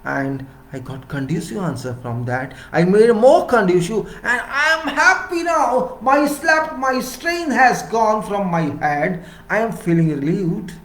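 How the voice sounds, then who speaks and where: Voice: medium pitch, lively intonation, unhurried, hardly any pauses, fairly bright tone, roomy sound. An engineering lecturer in a rambling, playful monologue who asks rhetorical questions and answers them.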